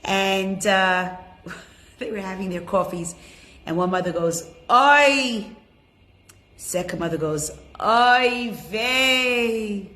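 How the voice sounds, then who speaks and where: A woman's voice: fairly low pitch, little pitch movement, a little slow, a bit bright. A woman teaching a women's class online, chatting and greeting each attendee by name. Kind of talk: casual online class talk.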